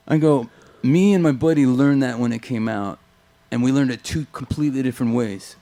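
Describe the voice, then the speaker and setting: Male guest musician, lively anecdote teller, casual and profane, average pitch. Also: moderate pace. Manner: animated anecdotes, acts out quoted voices, swears. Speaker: guest guitarist. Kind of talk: casual storytelling chat.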